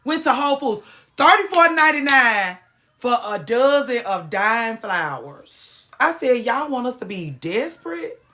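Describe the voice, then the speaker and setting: A woman's voice: a little high, very animated, unhurried, sharp tone. A woman hosting a casual livestream, ranting with plenty of swearing and greeting viewers by name. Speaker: livestream host.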